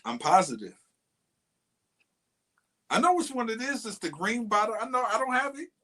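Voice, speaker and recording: A man co-hosts a relaxed podcast chat, his pitch swinging up and down as he talks. He answers with blunt, teasing comebacks, in a dry way. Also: moderate pace. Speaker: podcast co-host. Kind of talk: casual chat.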